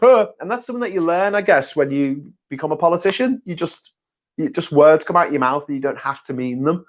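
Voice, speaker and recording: Scouse guy in his 30s doing a late night live chat, sarky and sweary, voice sits a bit high. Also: lively intonation, fairly quick. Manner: sarcastic, blunt, swears freely. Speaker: host. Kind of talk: casual live chat reading viewer messages.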